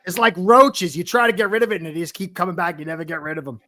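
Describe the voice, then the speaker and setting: A man's voice: high-pitched, fast, bright, forceful tone, no room sound, clean studio sound. A man on a sports podcast panel, joking and poking fun at himself. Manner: joking, self-mocking. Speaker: panelist, Dolphins fan. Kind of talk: casual sports chat.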